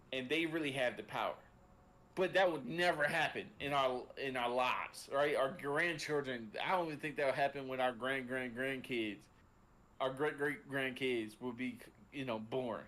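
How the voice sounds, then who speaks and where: A man's voice: mid-range voice, fairly bright tone. A man co-hosting a sports podcast, talking casually with many restarts and fillers, sometimes swearing. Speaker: podcast co-host.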